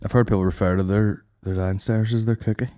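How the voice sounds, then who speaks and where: Fast-talking Northern Irish man. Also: fairly low pitch. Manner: rapid, animated, swearing, mimics voices. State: hungover. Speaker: podcast host. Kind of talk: crude casual banter.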